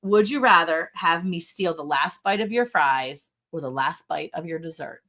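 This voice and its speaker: A woman's voice: lowish voice, expressive, moderate pace, a bit bright. Giggly middle-aged woman hosting a livestream. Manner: giggly, reads viewer comments aloud. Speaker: livestream co-host. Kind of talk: casual livestream chat.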